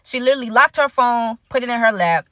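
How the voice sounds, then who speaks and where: A woman's voice: a little high, animated, fast, pushed and bright, dry recording, clean studio sound. A woman telling a personal story to her viewers in a casual storytime vlog, slangy and chatty, talking straight to the audience. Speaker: content creator telling a story.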